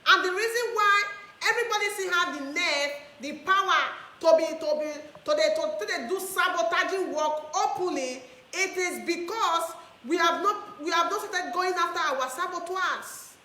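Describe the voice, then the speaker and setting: Nigerian woman activist lecturing to camera, sharp and bright, room echo behind her. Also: very high voice, normal speed. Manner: preachy, mixes Pidgin and English, repeats phrases for emphasis. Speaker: online activist speaker. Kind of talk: impassioned monologue to camera.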